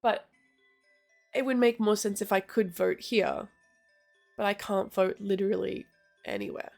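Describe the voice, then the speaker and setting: A woman's voice: mid-range voice, steady tone, a little slow, creaky, a little mellow, soft background music. A young woman chatting casually at home, rambling with lots of "like" and casual swearing. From Australia. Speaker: streamer. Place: home room, then kitchen.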